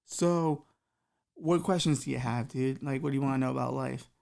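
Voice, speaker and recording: A woman's voice: very deep voice, moderate pace, gravelly. A woman voicing a crude, slangy male Jesus with a short temper. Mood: casual. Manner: slangy, swearing, rising to angry shouts.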